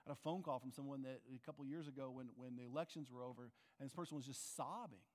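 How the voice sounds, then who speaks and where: A man's voice: mid-range voice, quick pace. A man preaching a sermon as pastor, earnest and conversational, often asking his listeners questions. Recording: long reverb of a large hall.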